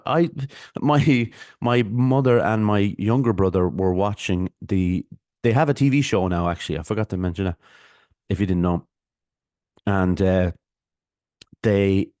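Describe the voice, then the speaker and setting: Irish male podcast host, low voice, opinionated rambling solo rant, dry close sound. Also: normal speed, long pauses, a little mellow, dry recording. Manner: opinionated, rambling, self-mocking. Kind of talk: solo ranting monologue. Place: apartment.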